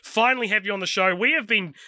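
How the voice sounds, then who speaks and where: A man's voice: high-pitched, fast talker, sharp tone, no room sound, clean studio sound. A man hosting a podcast in casual chat, talkative, laughing often and trailing off with fillers. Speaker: podcast host.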